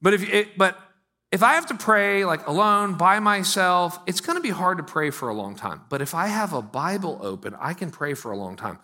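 Bright-voiced conversational male pastor. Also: high voice, moderate pace. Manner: conversational preaching, animated swings in loudness. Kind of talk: sermon.

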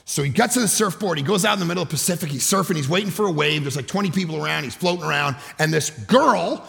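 A man from Canada preaching a sermon, moving between hushed storytelling and loud shouting, with a gravelly voice. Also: on the high side, quick pace. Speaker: pastor. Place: church auditorium. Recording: long reverb of a large hall.

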